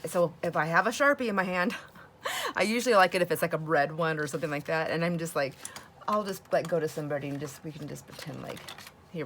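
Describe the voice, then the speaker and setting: Her voice is deep and a bit bright, with slight background noise in the recording. She hosts a crafting video, chatting away, laughing frequently, and muttering to herself as she crafts.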